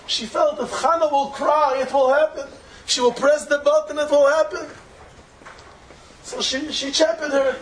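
High-voiced man teaching a Torah lesson. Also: a little slow, slight background noise, rough recording. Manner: explanatory, repeats key phrases, asks rhetorical questions. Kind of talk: storytelling Torah lecture.

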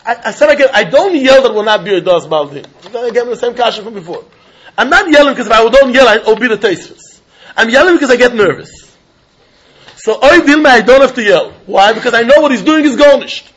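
A man teaching Talmud in a very high, husky voice that rises and falls with lively swings. He chuckles and acts out both sides of the argument. The recording sounds dull and lo-fi. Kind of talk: Talmud lecture.

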